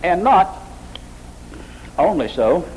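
A man's voice: big pitch swings, slow, a little mellow, a little hiss or hum, rough recording. Emphatic man preaching a sermon. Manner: emphatic, repetitive, rises high when mocking emotional worship.

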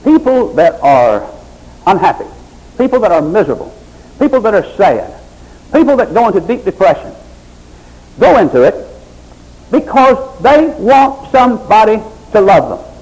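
A middle-aged male pastor preaching a sermon, swinging from loud, high exhortation to low, quiet pleading. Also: very animated, moderate pace, pauses often, low-quality recording.

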